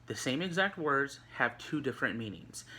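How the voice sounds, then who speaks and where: Bright-voiced male teacher, chatty. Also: medium pitch, big pitch swings, moderate pace, breathy edge. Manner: conversational, many fillers and restarts. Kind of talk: recorded online lesson. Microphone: recorded for an online video.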